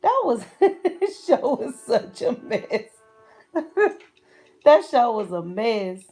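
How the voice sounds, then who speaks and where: A woman's voice: on the high side, big pitch swings, extremely slow, dark tone, faint music behind. A middle-aged woman, chatting casually with viewers on a livestream and laughing often between phrases. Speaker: channel host.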